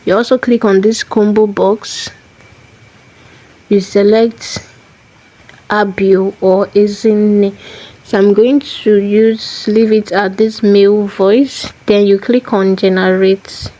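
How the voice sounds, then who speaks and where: Mellow-voiced woman explaining step by step. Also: medium pitch, little pitch movement, takes it slowly, low-quality recording. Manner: methodical, repeats key phrases. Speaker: tutorial host. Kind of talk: step-by-step screen tutorial.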